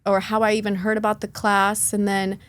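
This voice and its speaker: A woman in her thirties, a podcast guest telling a personal story in casual conversation, lively and often laughing as she acts out her past thoughts. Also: mid-range voice, brisk.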